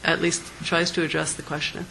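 A woman's voice: low-pitched, little pitch movement, a little fast, creaky, sharp tone, slight background noise, low-quality recording. A woman artist answering questions about her work at a conference, thoughtful and hesitant with many fillers. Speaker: presenting artist.

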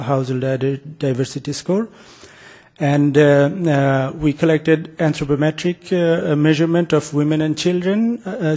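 Husky, hesitant male researcher. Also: fairly high pitch, dark tone. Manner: hesitant, many filler sounds and restarts. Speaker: researcher presenting a survey project. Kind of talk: academic presentation.

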